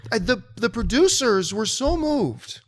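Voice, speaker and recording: Male host, high voice, lively storyteller, casual chat. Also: unhurried. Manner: animated storytelling, mimics others in high excited voice. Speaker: show host.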